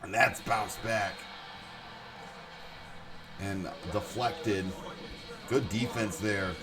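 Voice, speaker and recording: A man giving live play-by-play commentary on a game stream, excitable, with chatty asides. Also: fairly low pitch, drawn-out words, over music. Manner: excitable, rises to shouts on big plays, chatty asides.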